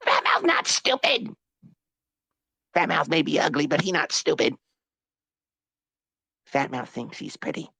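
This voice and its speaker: A woman playing a male goblin thief, gravelly and husky, swooping wildly in pitch, third-person broken speech, dry sound. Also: very animated, unhurried, long pauses, sharp tone, dry recording, exaggerated voice. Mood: scheming. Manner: talks about himself in the third person, broken grammar, pleading. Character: scrawny, shifty male goblin thief obsessed with shiny things.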